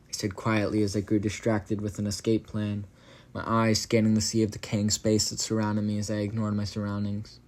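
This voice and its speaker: A man's voice: lowish voice, completely flat delivery, a little fast, darkish tone. A man reading a first-person horror story aloud, stumbling over words, correcting himself, and breaking off for casual profane asides to the listener.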